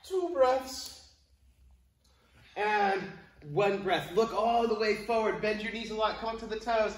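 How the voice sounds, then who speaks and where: A man's voice: high voice, a little slow. A man leading a yoga class for children, giving playful, encouraging cues. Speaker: kids yoga instructor. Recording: echoey room, mic at a distance.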